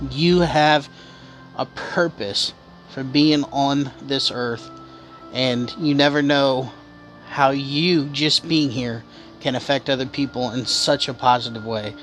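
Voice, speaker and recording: A man's voice: medium pitch, a bit bright. A man hosting his channel in an off-camera voice-over, speaking earnestly and encouragingly to viewers. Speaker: channel host.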